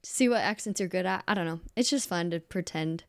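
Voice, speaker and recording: A woman's voice: fairly low pitch, a little fast. A woman hosting a casual podcast chat, talking in a chatty, easygoing way and laughing easily. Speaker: podcast host.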